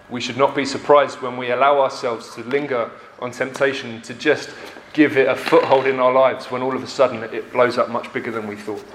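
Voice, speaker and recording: A man's voice: mid-range voice, fairly bright tone, a little hiss or hum. A man preaching a sermon, earnest and emphatic, repeating phrases for effect. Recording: roomy echo.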